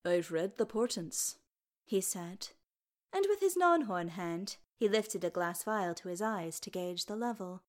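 Slow woman reading a story aloud. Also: medium pitch, animated. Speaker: narrator. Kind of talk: storybook reading of fan fiction.

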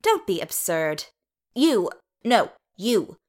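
A woman's voice: mid-range voice, sing-song, slow. Woman voicing Dees, bossy scolding dwarf mother. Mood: commanding. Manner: sharp, commanding, scolding.

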